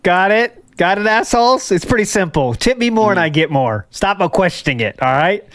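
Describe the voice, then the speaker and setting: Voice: medium pitch, lively intonation, normal speed, a bit bright, dry recording, studio quality. A stream host chatting casually and teasing the others playfully.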